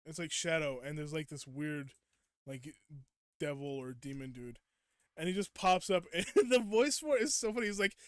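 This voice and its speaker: Young man, gaming streamer, high voice, bright and sharp tone, chatty, dry close sound. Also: brisk, clear, resonant tone, no echo. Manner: chatty, laughs often, acts out quotes. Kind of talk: casual gameplay chat.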